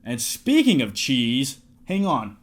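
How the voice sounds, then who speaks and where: A man in his twenties talking casually to camera, reviewing his movie collection in a jokey, excitable way. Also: mid-range voice, takes it slowly. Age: 20s.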